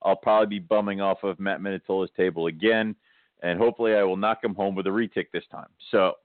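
A man hosting a podcast in casual chat, joking, laughing loudly and swearing offhand. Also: low voice, steady tone, fast talker, no room sound. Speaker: podcast host. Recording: tinny phone-like sound, dry.

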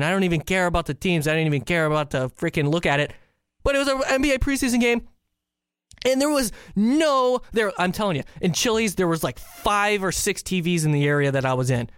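A man from the Chicago area hosting a podcast, telling a story in an animated, incredulous way. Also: high-pitched, clear, resonant tone, no room sound, clean studio sound. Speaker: podcast host. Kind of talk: casual solo podcast rant.

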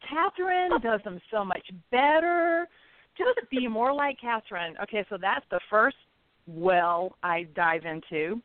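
A woman chatting casually about spiritual experiences, animated and laughing often as she acts out her own inner dialogue. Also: on the high side, a little slow, dry recording. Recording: tinny phone-line sound.

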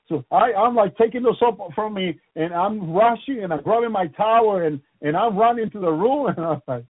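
Male minister, husky high voice, halting testimony full of praise interjections, phone-quality dry recording. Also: no echo. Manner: punctuates every few phrases with "praise the Lord"; halting, repeats words and restarts. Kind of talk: testimony preaching. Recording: dry, tinny phone-like sound.

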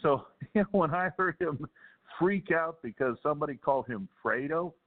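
A man's voice: on the high side, animated. Ranting male caller on a phone line. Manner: heated, fast ranting with laughs. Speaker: caller guest. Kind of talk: political talk radio.

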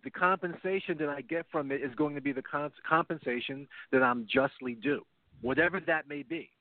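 A man's voice: on the high side, brisk, no room sound. A man co-hosting a recovery talk show, explaining in an earnest way with many repeated phrases, heard over a phone line. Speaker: podcast co-host. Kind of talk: casual radio show talk. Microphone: phone line, not his headset.

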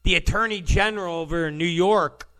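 A man's voice: high-pitched, brisk, fairly bright tone, clear, resonant tone. A man hosting ranting political commentary, sarcastic and mocking, who mimics opponents in exaggerated voices.

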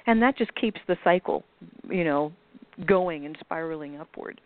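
A host speaking in casual chat, pausing often and searching for words with many fillers. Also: mid-range voice, dry recording. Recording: tinny phone-line sound.

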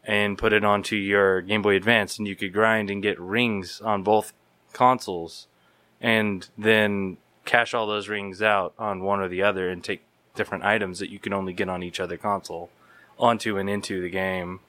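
A man's voice: lowish voice, level tone, normal speed, sharp tone, dry recording. A man co-hosting a casual podcast chat, teasing his friend dryly and talking eagerly about video games.

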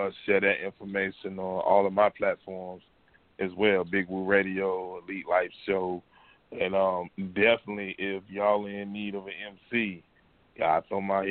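Laid-back male radio host, low monotone voice, heard over a phone line. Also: no echo. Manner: laid-back slang, frequent "you know what I'm saying". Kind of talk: casual call-in chat.

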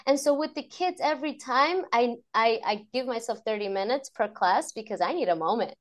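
A woman's voice: fairly high pitch, expressive, brisk. A woman guest on a podcast, talking reflectively and emotionally about teaching mindfulness to children, laughing often. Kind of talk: conversational interview.

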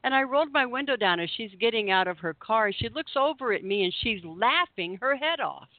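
Woman co-host, animated storyteller, narrow phone-like sound. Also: fairly high pitch, fairly quick, dry recording. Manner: animated storyteller acting out quotes. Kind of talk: casual radio chat.

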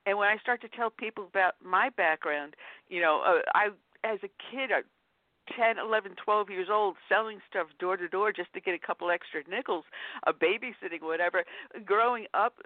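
A woman's voice: mid-range voice, a little fast, dry recording. A woman hosting a talk radio show, chatty and laughing often. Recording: dry, tinny phone-like sound.

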